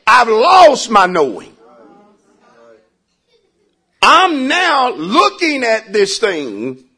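High-voiced preacher guy, bright and husky, big swings, call-and-response. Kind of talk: sermon. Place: church.

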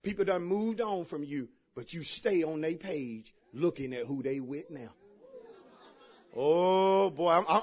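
A man preaching a sermon as pastor to his church, shouting his points, then dropping to quiet asides and laughing along with the congregation. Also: fairly high pitch, animated, measured pace.

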